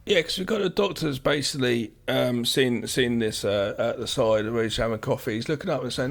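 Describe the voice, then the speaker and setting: A man's voice: mid-range voice, a little fast, creaky, few pauses. A man co-hosting a podcast, recapping a film in casual chat and acting out the characters' lines as he goes. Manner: animated, acts out characters' lines mid-recap. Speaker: podcast co-host.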